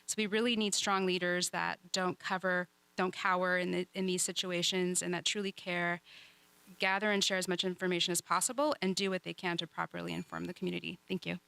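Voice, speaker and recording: Woman with a low, gravelly, bright voice. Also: low-quality recording. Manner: measured, earnest appeal. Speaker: public commenter.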